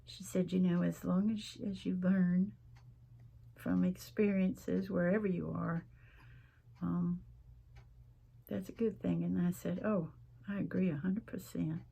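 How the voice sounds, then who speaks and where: A woman's voice: lowish voice, level tone, unhurried, vocal fry, pauses often, dark tone, breathy edge. A middle-aged woman, chatting folksily to viewers as she crafts at home and rambling between stories. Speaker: craft vlogger.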